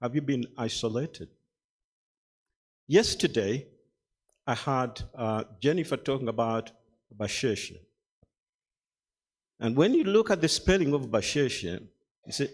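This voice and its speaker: Slow-talking older guy, kinda raspy, measured speech with lots of questions to the crowd. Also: mid-range voice, big pitch swings. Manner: measured, deliberate, rhetorical questions. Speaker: festival speaker. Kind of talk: speech to an audience. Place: literary festival hall.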